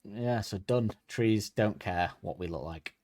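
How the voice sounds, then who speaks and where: A man's voice: lowish voice, unhurried, no echo, clean studio sound. A man, co-hosting a podcast and chatting casually, joking and acting out quotes. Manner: animated, jokey, acts out quotes. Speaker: podcast co-host. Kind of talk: casual comedic chat.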